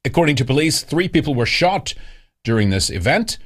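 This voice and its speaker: A man's voice: on the high side, sing-song, a little fast, slightly rough. A man hosting a livestream, casually commenting on news and reading viewer chat, rambling with many hesitations and restarts. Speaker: livestream host.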